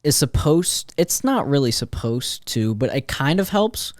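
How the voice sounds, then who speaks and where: A man hosting a casual podcast, calmly asking his guests questions. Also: medium pitch, a little slow, no echo, clean studio sound. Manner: calm, asks the guests questions. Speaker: podcast host.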